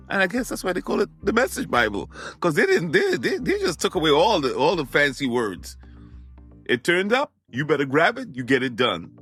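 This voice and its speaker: A man hosting a motivational talk, emphatic and animated, repeating his key phrases for the listener. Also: on the high side. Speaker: podcast host.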